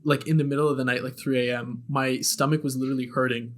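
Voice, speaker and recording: Man, podcast host, mid pitch, candid, chatty. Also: level tone, quick pace. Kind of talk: casual chat.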